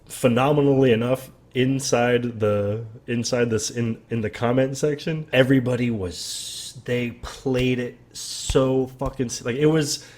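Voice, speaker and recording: A man hosting a casual reaction vlog, rambling and swearing as he tells an animated story. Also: mid-range voice. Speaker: host.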